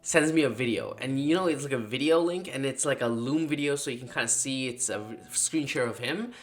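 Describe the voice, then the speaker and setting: A man retelling a personal setback in a loose, animated vlog voice, full of slang and dramatic turns. His pitch sits in the middle for a man. Faint music plays softly under his talk. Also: brisk. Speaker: freelance marketing creator. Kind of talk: casual storytelling vlog.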